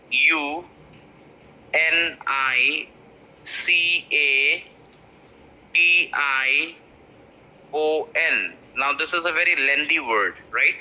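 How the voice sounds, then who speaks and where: A man teaching pronunciation, repeating words slowly to stress syllables. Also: a little high, bright, forceful tone. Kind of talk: spoken English lesson. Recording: muffled lo-fi audio.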